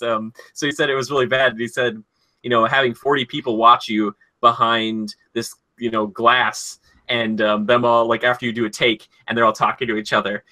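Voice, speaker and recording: A man's voice: medium pitch, fairly even intonation, brisk, sharp tone. A young man co-hosting a podcast, rambling casually with many fillers and hesitations. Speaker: podcast co-host. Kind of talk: casual chat.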